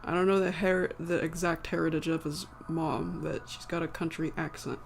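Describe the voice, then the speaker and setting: This woman speaks in a deep, flat voice with vocal fry at a moderate pace, a slight American country accent coloring her words. She chats loosely with live-stream viewers, correcting herself and chuckling as she rambles. Faint background music and slight noise can be heard.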